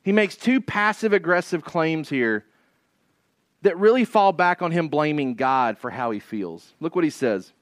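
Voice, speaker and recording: Male pastor, fairly high voice, dry close sound, casual emphatic preaching, keeps checking in with "right?". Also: animated, a little slow, no echo. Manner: conversational preaching with frequent "right?" and "like"; emphatic, repeats key phrases for effect. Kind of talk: expository sermon.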